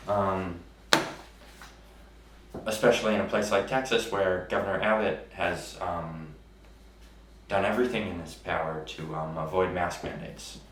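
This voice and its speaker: Hesitant male comedy host with a lowish, slow delivery. Noisy, roomy, distant recording. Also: steady tone. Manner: hesitant, filler-heavy. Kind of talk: comedic show hosting.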